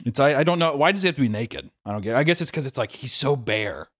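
A young man co-hosting a podcast in casual chat, animated and profane, often acting out voices. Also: medium pitch, fast, no echo, studio quality. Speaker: podcast co-host.

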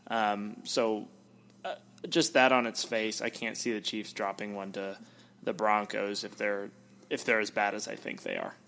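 Male football podcast co-host, somewhat low voice, halting casual delivery. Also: steady tone, sharp tone, a little hiss or hum. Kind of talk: casual sports talk.

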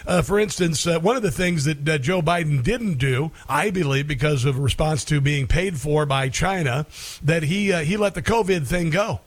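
A male talk radio host riffs in an animated, sarcastic way, dotting his lines with fillers. His voice sits a bit high. The studio is dry and close-miked. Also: normal speed, no echo. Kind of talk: opinionated talk radio monologue.

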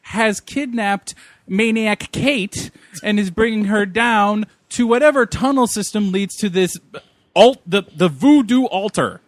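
A man's voice: high voice, unhurried, no room sound. A man co-hosting a podcast, throwing in wry, sarcastic quips about a movie. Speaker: podcast co-host. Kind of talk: casual movie recap chat.

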